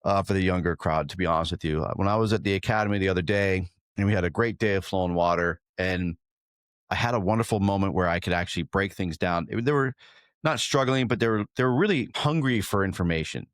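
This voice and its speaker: A man's voice: deep voice, quick pace, no echo, clean studio sound. A man hosting a podcast, talking casually and appreciatively with frequent restarts. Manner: warm, appreciative, rambling with restarts. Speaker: podcast host.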